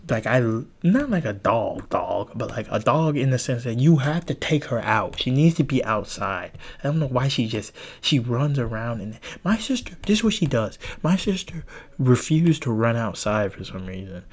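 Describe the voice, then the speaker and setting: A man's voice: medium pitch, normal speed. Rambling, crude young man on a podcast. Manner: crude, animated, rambling and self-deprecating. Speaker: podcast host. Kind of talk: solo podcast rant. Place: home with a loud family nearby.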